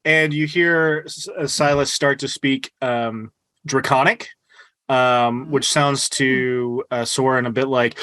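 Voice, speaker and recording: A man's voice: mid-range voice, fairly even intonation, takes it slowly, pushed and bright, no room sound. Guy playing a tabletop rpg, lots of ums, dry close mic. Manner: hesitant, filler-heavy speech. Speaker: player. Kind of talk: tabletop role-play.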